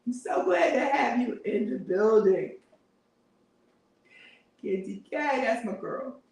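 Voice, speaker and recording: A middle-aged woman runs a relaxed livestream chat, laughing often and reading viewers' comments out loud. Her voice is on the high side, animated, slow-paced and a little mellow, and it sounds distant in a very echoey room.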